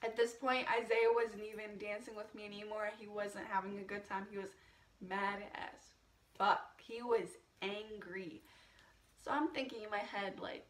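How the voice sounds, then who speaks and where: A woman's voice: mid-range voice, level tone, moderate pace, reverberant, distant mic. A young woman in a casual storytime vlog, chatty, laughing often and swearing freely. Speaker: vlogger.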